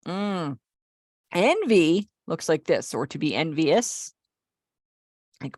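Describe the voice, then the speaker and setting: A woman's voice: sits low, big pitch swings, slow, long pauses, darkish tone, no echo, studio quality. A middle-aged woman teaching a live online class, explaining patiently and checking in with her students. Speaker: sign language teacher.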